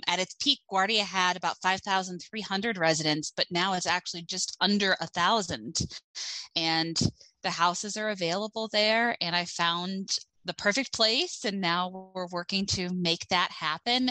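A woman's voice: mid-range voice, bright, forceful tone, dry recording, poor audio. A woman chatting on a podcast in an upbeat, eager way. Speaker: podcast guest. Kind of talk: casual podcast chat.

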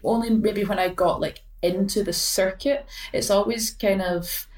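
A woman's voice: mid-range voice, fairly even intonation, measured pace, darkish tone, echoey room, distant mic. A Scottish woman in her late twenties, a badminton player chatting in an interview, hesitant with many fillers and restarts. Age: late 20s. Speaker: professional badminton player, guest. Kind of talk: casual interview chat.

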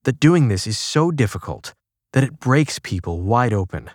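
A man narrating a magazine feature in a measured, even reading, shifting his tone a little for quoted lines. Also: mid-range voice, no echo, clean studio sound. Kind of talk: scripted narration.

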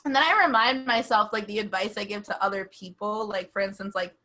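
A woman's voice: medium pitch, fairly quick, sharp tone. A young woman in casual podcast chat, talking freely with lots of "like" and frequent laughs. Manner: chatty, laughs often, peppers speech with "like".

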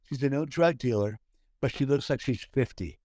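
A man's voice: mid-range voice, normal speed, warm tone, dry recording, studio quality. A man from Southern California co-hosting a casual podcast, telling a story with many fillers and restarts. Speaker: podcast co-host. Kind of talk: casual chat.

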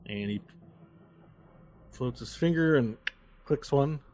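A man narrating a tabletop game as game master, in a relaxed, meandering way. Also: medium pitch, slow pace, a little hiss or hum.

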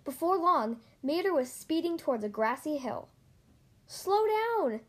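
A woman reading a children's storybook aloud in a gentle, expressive way. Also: high voice, normal speed. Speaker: storybook reader.

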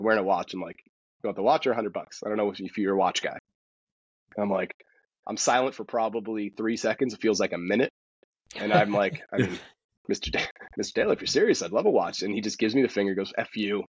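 Fast-talking, husky-voiced man telling a story. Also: fairly low pitch, dry recording, highs cut off. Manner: animated, quick storyteller. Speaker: podcast guest, golf instructor. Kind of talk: casual storytelling.

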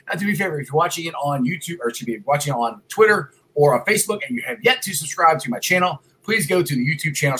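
A middle-aged man hosting a casual sports talk show from his son's house, excited and rambling, with loud greetings. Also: high voice, husky.

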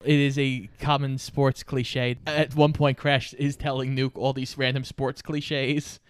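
A man's voice: medium pitch, flat delivery, a little slow, clean tone. A man co-hosting a casual movie podcast. He walks through the plot step by step in a storytelling manner. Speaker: podcast co-host. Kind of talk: casual movie recap chat.

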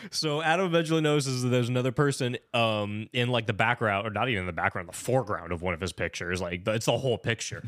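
A man's voice: medium pitch, quick pace, hardly any pauses, no echo. Guy ranting through a movie recap, swears a lot, does the characters' lines, dry close mic. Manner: animated, exasperated, acts out characters' lines. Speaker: podcast co-host recapping a film. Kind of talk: casual profane movie recap chat.

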